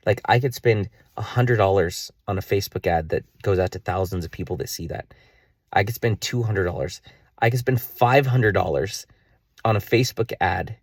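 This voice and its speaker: A man's voice: deep voice, normal speed, no echo, clean studio sound. Exasperated man in his thirties venting. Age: 30s. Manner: self-scolding, exasperated, swears, rambling. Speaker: vlogger. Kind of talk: frustrated personal video diary.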